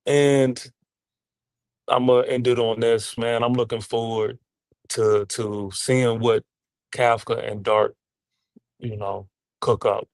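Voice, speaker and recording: Chill podcast guest, gravelly low voice, super relaxed slang. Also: male voice, slow pace, long pauses, no room sound. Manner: laid-back, relaxed slang. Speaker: podcast panelist. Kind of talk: casual chat.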